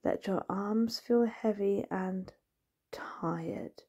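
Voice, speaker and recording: A woman voicing a sleepy, comforting male mole in a bedtime story, speaking softly and slowly in a hushed voice. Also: on the high side, slightly rough, exaggerated voice. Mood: sleepy, soothing. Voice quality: soft, hushed and slow.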